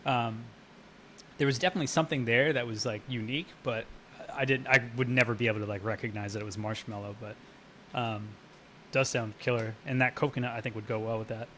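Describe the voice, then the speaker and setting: A man's voice: mid-range voice, steady tone, fairly quick, fairly bright tone. Regular guy on a homebrew livestream, swears a lot, rambly chatty talk, faint hum in the room. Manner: rambling, profane, laughs while telling stories. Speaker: homebrewer streaming live. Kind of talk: casual live-stream chat.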